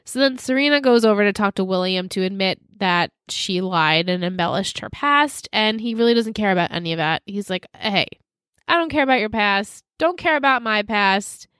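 A woman co-hosting a podcast, recapping episode scenes in casual chat and slipping quickly into characters' lines. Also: mid-range voice, lively intonation, a bit bright, smooth, no echo, clean studio sound. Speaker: podcast co-host.

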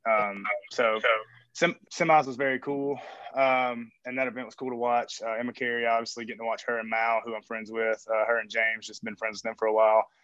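A man's voice: mid-range voice, level tone, a little fast, a bit bright, smooth, dry recording. Guy calling in from the gym, rambly and jokey, kinda muffled dry call audio. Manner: rambling, filler-heavy, joking. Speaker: coach and media guest. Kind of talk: casual interview chat.

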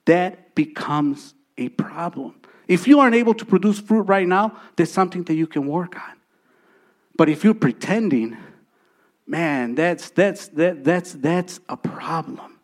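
Emphatic male preacher, slightly high voice. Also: expressive, measured pace. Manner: emphatic preaching with repetitions and swings from loud to soft. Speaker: pastor. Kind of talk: sermon.

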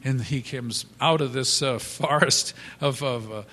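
A man telling a motivational story in a halting, animated way, with many restarts. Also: mid-range voice. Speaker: speaker. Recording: long hall reverb.

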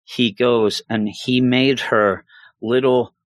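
A man co-hosting a podcast, chatting in an excitable way, restarting sentences often and acting out lines in jumpy voices. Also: mid-range voice, slow pace, no echo. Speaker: podcast co-host reviewing manga. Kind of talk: casual chat.

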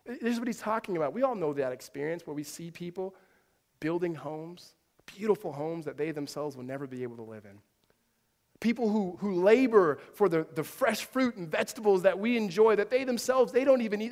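Animated man preaching in a big hall. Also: high voice, a little fast. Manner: animated storytelling with asides and self-deprecating humor. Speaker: pastor. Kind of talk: sermon. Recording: long reverb of a large hall.

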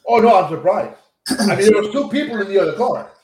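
This podcast co-host has a fairly high voice and a quick pace, relating a story with animation and free swearing in casual chat. The room is echoey, and there's slight background noise.

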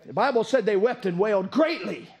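A man preaching a sermon, moving between low storytelling and shouted exhortation. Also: animated, brisk.

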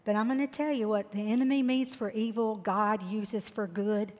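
A woman's voice: mid-range voice, fairly even intonation, moderate pace, a little mellow. A woman, sharing a heartfelt faith testimony as a guest. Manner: earnest, heartfelt storytelling. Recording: long hall reverb.

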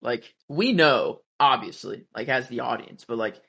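A man chatting casually about a TV show, halting and searching for words with many "like"s. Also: mid-range voice, animated, gravelly, crowd noise. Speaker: podcast co-host. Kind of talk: casual TV recap chat.

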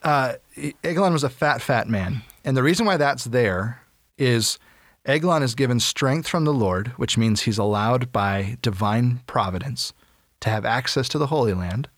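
A man's voice: mid-range voice, moderate pace, dry recording. Man laughing through a dry-miked chat. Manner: joking, laughs often, repeats words for effect. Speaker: podcast co-host. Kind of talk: casual Bible discussion.

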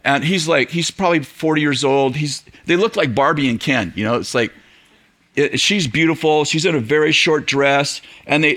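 A middle-aged man preaching to a church audience, telling a story in an animated way, acting out quoted voices and laughing often. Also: a little high. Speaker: pastor. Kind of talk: storytelling sermon.

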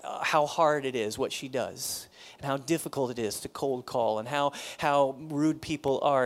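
A middle-aged man preaching as a pastor, telling a personal story in a conversational, self-deprecating way and laughing often. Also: mid-range voice.

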